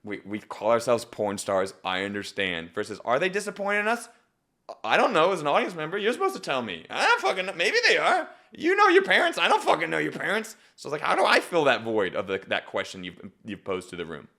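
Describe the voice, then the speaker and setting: A man's voice: a little high, brisk. A man coaching a stand-up comedian on a live stream, swearing, repeating himself and acting out examples. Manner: animated, swears, repeats words, acts out examples.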